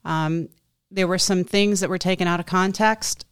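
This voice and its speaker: A woman co-hosts a casual podcast, speaking in a measured way with an occasional um. Her voice is lowish, smooth and resonant, and it sounds close and dry. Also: fairly even intonation, dry recording. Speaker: co-host. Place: Boston area.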